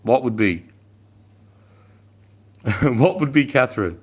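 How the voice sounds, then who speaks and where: A man's voice: medium pitch, lively intonation, takes it slowly, darkish tone, husky. A man with an Australian accent, in his forties, telling army stories and chatting with viewers on a casual live stream, swearing freely. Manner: swears a lot, laid-back, reads chat aloud. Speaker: livestream host, ex-soldier.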